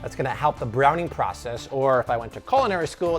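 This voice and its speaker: A man's voice: medium pitch, animated, fast talker, faint music behind. A man hosting a cooking tutorial in his kitchen, talking to viewers in an enthusiastic, chatty way. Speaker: cooking show host. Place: home kitchen at the stove.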